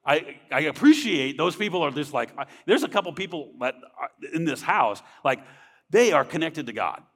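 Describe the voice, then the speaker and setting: A man's voice: on the high side, very animated, moderate pace, a bit bright, in a large hall. A man giving a personal faith testimony in a church, talking earnestly and conversationally and often checking in with "right?". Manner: earnest, conversational, frequent tag questions. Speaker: speaker sharing a testimony.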